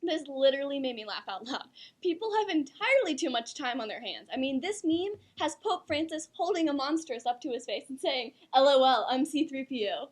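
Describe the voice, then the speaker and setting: A woman's voice: sits high, big pitch swings, fairly quick, few pauses. A young woman co-hosting a student talk show in a giggly, gushing casual chat, peppering her talk with "like.". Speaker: co-host.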